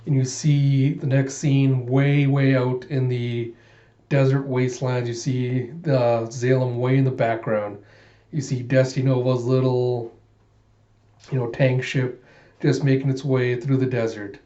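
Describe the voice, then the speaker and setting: A man's voice: medium pitch, little pitch movement, a little slow, dark tone, reverberant, dull audio. Eager man retelling a comic. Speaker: host reading a comic aloud. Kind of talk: excited comic readthrough.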